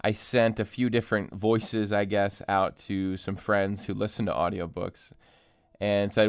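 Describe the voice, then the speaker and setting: A man's voice: fairly low pitch, little pitch movement, a little slow, clear, resonant tone, dry recording, clean studio sound. A man hosting a solo podcast from an empty room, chatting in a joking, self-deprecating way. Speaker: podcast host and author. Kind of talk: casual solo podcast monologue. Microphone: studio microphone.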